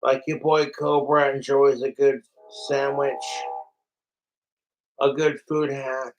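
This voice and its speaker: Slow-talking tipsy man rambling. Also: mid-range voice, a little hiss or hum, low-quality recording. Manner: rambling, excitable, profane. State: tipsy, slurring from alcohol. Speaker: livestreamer. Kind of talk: casual livestream commentary.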